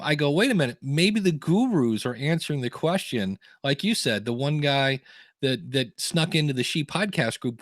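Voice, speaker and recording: A man's voice: medium pitch, dry recording, clean studio sound. A man hosting a podcast in casual chat, rambling through stories and acting out quotes in funny voices. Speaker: podcast host.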